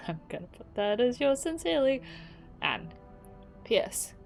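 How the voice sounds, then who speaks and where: A woman streaming a game, reading its letters aloud and breaking off for quick asides and laughs. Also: fairly high pitch, sing-song, gravelly, soft background music.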